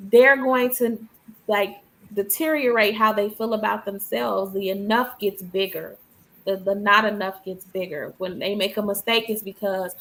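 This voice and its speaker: A woman speaks on a casual podcast with firm conviction and a mid-range voice. She pushes her points with steady emphasis. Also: mid-range voice, rough recording. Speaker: podcast co-host.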